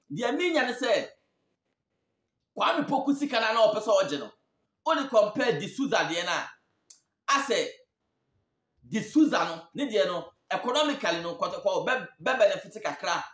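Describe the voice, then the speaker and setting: High-voiced Ghanaian man talking football. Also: fairly bright tone. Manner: chatty, repeats points for emphasis. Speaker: sports show host. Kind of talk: casual football talk, mixing Twi and English. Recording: echoey room.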